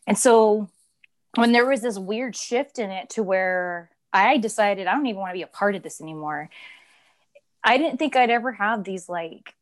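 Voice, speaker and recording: A woman's voice: mid-range voice, normal speed. A woman in her thirties, a former wrestler co-hosting a live stream, talking in a rambling, chatty way with frequent laughs and swearing. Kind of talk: casual live-stream chat.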